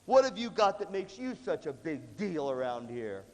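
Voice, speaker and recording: A man's voice: a little high, very animated, normal speed, darkish tone. A man telling a story and quoting an arrogant, scornful man who looks down on him. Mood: sneering. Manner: scornful, dismissive. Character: sneering arrogant man with a sports car. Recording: long hall reverb.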